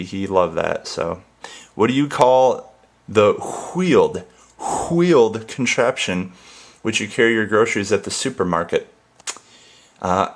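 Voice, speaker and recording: A young American man rambling casually in a vlog, playful and goofy, trying words out over and over. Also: low-pitched. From United States. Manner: goofy, playful, repeats words in different ways. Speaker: ASMR channel host.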